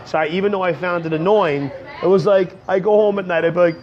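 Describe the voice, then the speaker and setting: A man's voice: sits high, steady tone, quick pace, highs cut off. A man in his thirties getting over a cold, chatting loosely and jokingly to viewers on a livestream, calling everyone "bro" and slipping into rap. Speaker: livestream host and rapper. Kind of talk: casual livestream chat to viewers.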